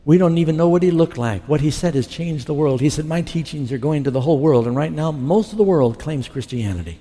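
A man's voice: on the high side, a little fast, dark tone. A middle-aged man preaching a sermon, telling his conversion story and acting out his past dialogue. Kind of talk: sermon testimony. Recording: long hall reverb.

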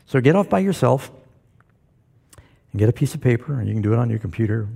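A man's voice: medium pitch, big pitch swings, quick pace, vocal fry, warm tone, slightly rough. A man preaching a sermon to a live congregation in a church, folksy and joking, asking the crowd for responses. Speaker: pastor.

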